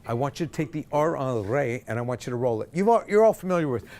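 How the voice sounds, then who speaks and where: A middle-aged man directing a choir, coaching vowels and pitch and singing example notes himself, with jokey asides. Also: lively intonation, quick pace, dark tone. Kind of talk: vocal warm-up lesson. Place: rehearsal room with a choir.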